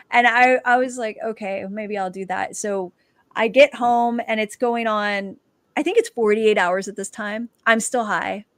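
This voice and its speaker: A woman, a dancer and author, telling her personal testimony as a guest and lively acting out the quoted dialogue. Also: fairly high pitch, no echo.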